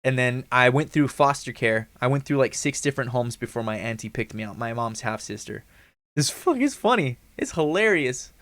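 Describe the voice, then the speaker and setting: A man in his thirties chats casually on a livestream, rambling along in slang and profanity. His voice sits at an ordinary middle pitch and sounds close and dry, with almost no room around it. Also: lively intonation, moderate pace, fairly bright tone, dry recording. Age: 30s. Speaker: livestream host.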